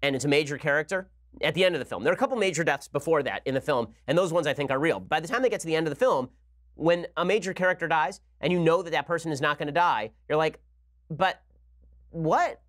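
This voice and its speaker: Fast-talking sarcastic male podcast host. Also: fairly high pitch, fairly bright tone. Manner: rapid, sarcastic ranting. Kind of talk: solo commentary monologue.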